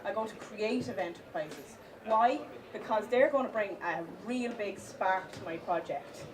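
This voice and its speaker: A woman giving a live conference talk, with many fillers and restarts, stressing the points of a list slowly. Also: mid-range voice, expressive, background noise. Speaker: conference speaker. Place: conference hall with audience. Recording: distant mic, audience in hall.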